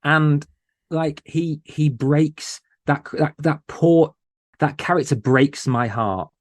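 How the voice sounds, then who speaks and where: A man's voice: fairly high pitch, no echo. Guy on a podcast getting all earnest, keeps restarting, dry close mic. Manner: emotional, earnest, halting restarts. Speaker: podcast host, interview guest. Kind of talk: casual interview chat.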